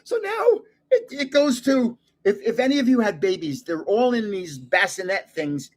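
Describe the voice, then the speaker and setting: Hosting his card collector channel, this older man talks at a normal speed in a high, expressive voice. It's casual chatter while he opens cards, drifting into amusing tales that crack him up.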